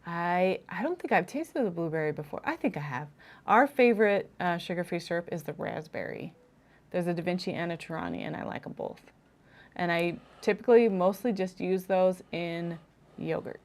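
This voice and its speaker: A woman's voice: fairly low pitch, lively intonation, normal speed. A woman co-hosting a casual live stream, chatting and reading out viewer comments.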